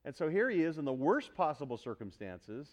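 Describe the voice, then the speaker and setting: Male pastor, sermon delivery with a slightly raised pitch, animated and emphatic, calls out to the congregation. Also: brisk. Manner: animated, shifts from loud emphatic bursts to quiet earnest teaching; asks the congregation for responses. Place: church.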